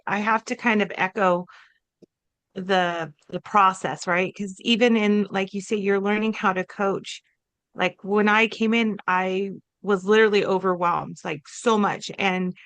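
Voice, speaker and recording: A woman chats on a podcast, spinning a personal story with lively, animated delivery and acting out what people said. Her voice sits at an ordinary middle pitch, and the sound is close and dry with no room echo. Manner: chatty and animated, quotes herself and others in lively voices. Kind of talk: casual conversational storytelling.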